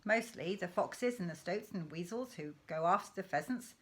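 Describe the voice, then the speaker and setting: A woman's voice: on the low side, expressive, moderate pace, lightly acted. A woman reading aloud voices a boastful, mischievous father who relishes telling his son tall tales about poaching. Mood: conspiratorial.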